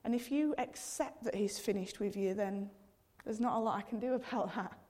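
A woman's voice: mid-range voice, moderate pace, dark tone. A woman in her thirties preaching a sermon in an earnest, conversational way, often addressing God directly and using casual fillers. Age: 30s.

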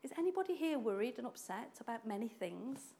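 A woman preaching a sermon in an animated way, acting out quoted voices and laughing often. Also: a little high, fairly quick, gravelly, a little hiss or hum.

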